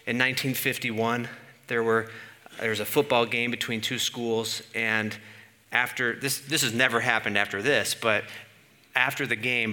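A man preaching a sermon in an animated way, asking the room questions and building to emphatic peaks. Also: medium pitch.

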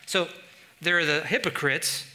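A middle-aged man preaching a sermon as pastor, animated, swinging from quiet asides to loud bursts. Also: on the high side, a little slow.

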